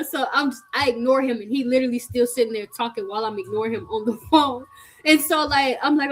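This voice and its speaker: A young adult woman telling a long story to her viewers in a chatty, animated way, often calling out to them. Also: high-pitched, fairly quick, low-quality recording. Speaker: vlogger.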